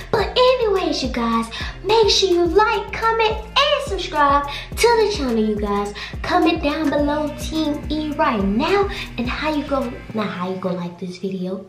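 A woman's voice: sits high, very animated, moderate pace. Chatty young woman vlogging at home. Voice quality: slangy, chatty, playful sing-song delivery. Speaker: vlogger host. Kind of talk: casual vlog chat. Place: indoors at home, room with echo. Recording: echoey room with music underneath.

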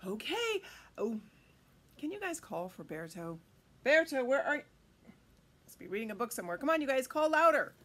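A woman's voice: high voice, big pitch swings, normal speed, long pauses, a bit bright. A woman hosting a children's storytime, reading a picture book in a playful, coaxing way and asking the kids questions.

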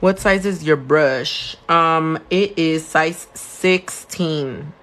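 Woman, Californian accent, young adult, unhurried speech, fairly low voice, casual livestream chat mixing in Spanish. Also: fairly bright tone. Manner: answers viewer questions, mixes Spanish into English. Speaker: nail tech and shop owner. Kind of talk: casual live-stream chat while doing nails.

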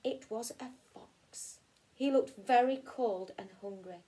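A woman teacher from England reading a children's picture book aloud in an expressive storytelling way. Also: a little high, slow. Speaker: primary school teacher.

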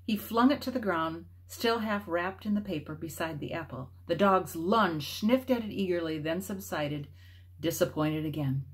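A woman storybook reader reads a children's novel aloud at a moderate pace in a slightly low voice. Her expressive delivery shifts along with the story, like a read-aloud for kids at home.

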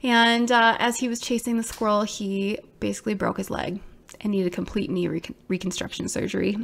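A woman in her thirties, a small business owner, telling viewers her own story in an animated, exclamatory way, full of "like". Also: medium pitch, a little fast, gravelly. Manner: animated, exclamatory, many fillers like "like".

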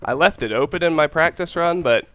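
A man hosting a let's play, calmly and methodically planning his moves aloud as he commentates. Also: fairly high pitch, fairly quick, slight background noise. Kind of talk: gameplay commentary.

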